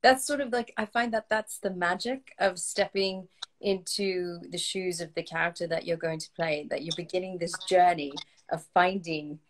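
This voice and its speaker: A woman's voice: lowish voice, fairly even intonation, normal speed, rough recording. A woman hosting a casual talk show, chatting and telling stories with giggles. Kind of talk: casual chat.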